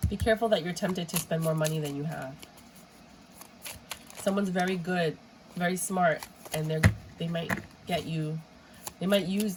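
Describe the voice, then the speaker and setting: Here a tarot reader with a lowish voice rambles casually through a reading, her nose stuffed up and running. Now and then she tosses out an exclamation in Spanish, and there's plenty of noise behind her.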